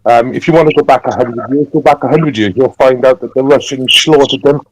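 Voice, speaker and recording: A man's voice: mid-range voice, steady tone, fairly quick, dry recording, low-quality recording. Hesitant Welsh man giving opinions. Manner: hesitant, repeats words when starting. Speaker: panel guest. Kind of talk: casual opinionated discussion.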